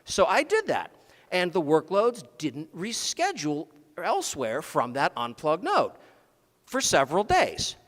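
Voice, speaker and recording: Male speaker on a conference stage, dry sarcastic wit, very animated delivery, reverberant hall sound. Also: a little high, measured pace. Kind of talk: comedic technical talk. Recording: long reverb of a large hall.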